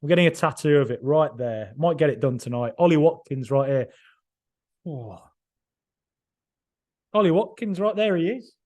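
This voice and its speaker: A man hosting a football podcast, giving an excited, emphatic and rambling reaction right after a match. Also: a little high, moderate pace, long pauses. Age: 30s or older.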